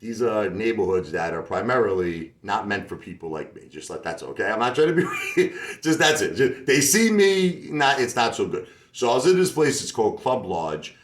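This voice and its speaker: Male singer-songwriter, low voice, loose rambling delivery, echoey room. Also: sing-song, normal speed, hardly any pauses. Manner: rambling, full of "like" and asides. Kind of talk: casual storytelling monologue. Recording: roomy echo with faint music behind.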